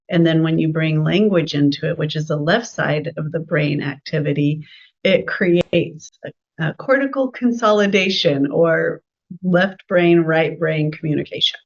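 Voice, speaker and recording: A woman's voice: low-pitched, gravelly, muffled recording. A woman from California with a Californian accent, a guest explaining her work as an art therapist in a chatty, enthusiastic way. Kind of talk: interview answers, explanatory.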